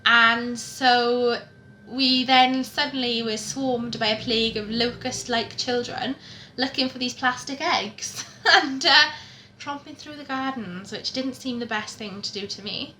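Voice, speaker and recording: A young woman chatting on her vlog, her voice bright and sharp and a touch high. She tells stories in a giggly, easygoing way, and the room around her rings with echo. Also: a little slow, a little hiss or hum. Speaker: vlogger. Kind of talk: casual chat. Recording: echoey room.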